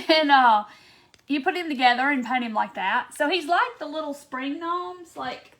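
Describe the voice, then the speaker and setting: A woman's voice: high-pitched, moderate pace, fairly bright tone. A woman hosting a live craft stream, chatting casually and greeting viewers by name as she works. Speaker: craft livestream host. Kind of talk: casual livestream chat.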